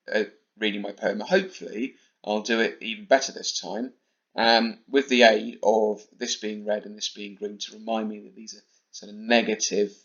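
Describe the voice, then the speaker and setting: A man teaching a primary school lesson from home with an English accent, talking slowly and carefully with deliberate pauses. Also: on the low side. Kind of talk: recorded home-learning lesson. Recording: slightly dull lo-fi recording.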